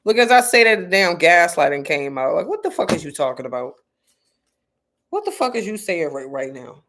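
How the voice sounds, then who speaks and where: A woman's voice: on the low side, very animated, normal speed, a bit bright. A woman talking casually to her viewers about spirituality, blunt and profane, full of slang and repeating herself for emphasis. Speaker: spiritual content creator. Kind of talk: casual livestream talk to viewers.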